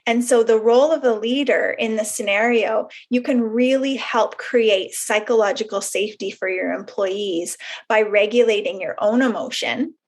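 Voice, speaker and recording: A woman counsellor explaining a concept in a webinar, in an explanatory way with fillers and everyday examples. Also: medium pitch. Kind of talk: webinar presentation.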